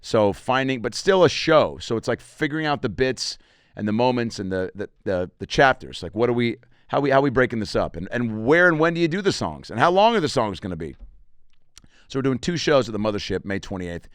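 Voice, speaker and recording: A man's voice: mid-range voice, big pitch swings, fairly quick, smooth, no echo, clean studio sound. A man, a comedian and podcast host, talking in a rambling, crude, joking way while plugging his shows. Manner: rambling and crude, with self-promotion and jokey asides. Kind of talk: casual podcast monologue.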